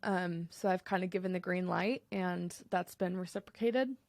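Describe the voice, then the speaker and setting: A woman's voice: fairly low pitch, moderate pace, darkish tone, no room sound. A young adult woman hosting her own podcast solo, talking in a candid, reflective, conversational way with fillers and restarts. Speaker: podcast host.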